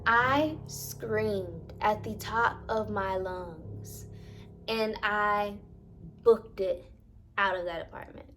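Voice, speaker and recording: Young woman vlogger, casual storytime narrator, dramatic and profane, middle pitch, faint music bed. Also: drawn-out words. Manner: dramatic, animated retelling that addresses viewers and swears freely. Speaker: vlogger telling a personal story.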